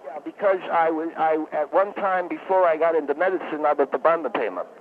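A man's voice: on the high side, fairly quick, slight background noise, lightly acted. A man playing a touchy male doctor with slurred, mumbled, hard-to-understand speech. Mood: defensive. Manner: touchy and defensive. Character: garbled-talking male doctor, former lion tamer. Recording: tinny phone-like line.

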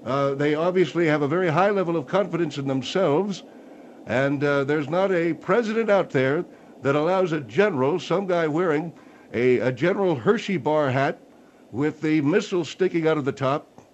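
A man plays a retired general who stammers through his confessions and then turns bossy and condescending. His voice sits a little high. It comes through dull lo-fi radio audio with faint hiss. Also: normal speed, natural voice. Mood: boastful. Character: blustery retired male general, gruff and condescending. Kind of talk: comedy radio bit.

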